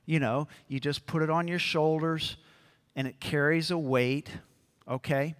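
A man's voice: a little high, steady tone, unhurried, smooth. A man preaching a sermon as pastor, earnest and building to emphatic peaks, often checking in with his congregation. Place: church sanctuary. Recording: long reverb of a large hall.

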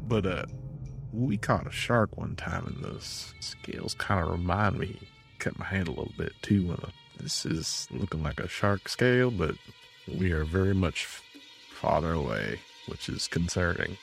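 A man's voice: low-pitched, lively intonation, normal speed, gravelly, soft background music. A man chatting as a player in a tabletop game, hesitant and unsure. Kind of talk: casual chat in a tabletop game.

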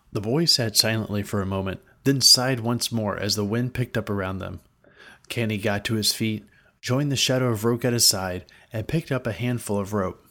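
A man narrating a fantasy audio story with a somewhat low voice. He reads in a dry, wry manner, steady and measured.

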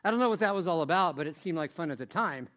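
A man's voice: on the high side, expressive, fast, a bit bright. A middle-aged man preaching a casual, conversational sermon, often asking "right?" and repeating phrases as he goes.

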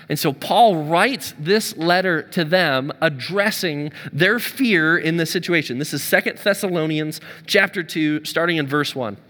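A man on a church staff preaching a sermon, telling a story with lively energy and acting out the dialogue. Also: a little high, in a large hall. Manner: energetic, acts out dialogue in his stories.

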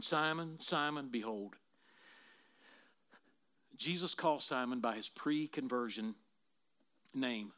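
A man preaching a sermon, swinging from quiet explaining to loud dramatic bursts as he acts out quoted voices. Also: mid-range voice. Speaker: pastor.

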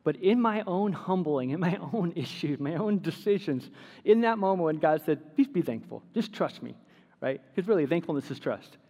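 A middle-aged pastor with a somewhat high, expressive, mellow voice preaches at normal speed in a church sanctuary. His sermon is full of stories and self-deprecating humor, and the recording carries long hall reverb.

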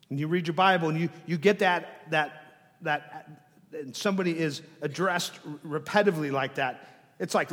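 A pastor with a slightly high voice preaches dramatically at normal speed, sinking to hushed whispers and then swelling loud. He often repeats words as he restarts phrases, and a long hall reverb fills the recording.

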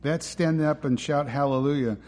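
A man's voice: fairly high pitch, normal speed, a little mellow. A man preaching a sermon in an emphatic, conversational way, often asking his listeners rhetorical questions. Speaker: pastor. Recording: long hall reverb.

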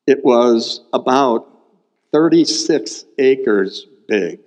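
This pastor speaks extremely slowly in a mid-range, expressive, slightly mellow voice. He explains a Bible passage during his sermon and comes back to key points to stress them, and the sound is dull with a long hall reverb.

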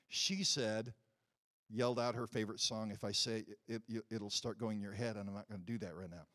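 A pastor telling a story in a sermon, conversational and self-deprecating, building to emphatic points. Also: male voice, medium pitch, a little fast, fairly bright tone.

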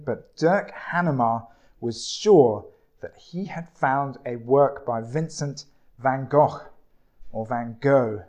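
A man preaching a sermon, telling a story and reading scripture in a measured, deliberate way. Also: mid-range voice, a little mellow.

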